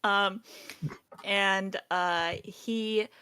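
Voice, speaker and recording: A woman's voice: mid-range voice, steady tone, very slow, bright, forceful tone, clean tone. A woman narrating as game master, casual and full of fillers. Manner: casual, filler-heavy, giggly.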